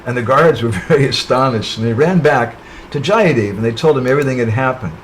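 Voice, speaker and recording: A man of medium pitch narrates a parable in a sermon. He speaks over an online webinar call and keeps checking in with the listeners through short tag questions. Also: brisk, slight background noise, poor audio. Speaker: spiritual speaker. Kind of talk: storytelling sermon.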